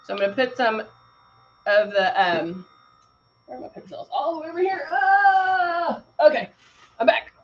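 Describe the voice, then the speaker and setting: A woman's voice: high voice, normal speed, long pauses, dull audio. A woman casually demonstrating airbrush makeup on a livestream, greeting viewers by name while she works. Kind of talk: casual live makeup demo chatting with viewers.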